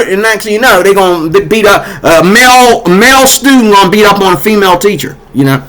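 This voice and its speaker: A man's voice: high-pitched, lively intonation, brisk, few pauses, fairly bright tone, low-quality recording. A man giving casual, heated commentary straight to his viewers, repeating himself as he builds his point. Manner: heated, repetitive, talks to viewers directly.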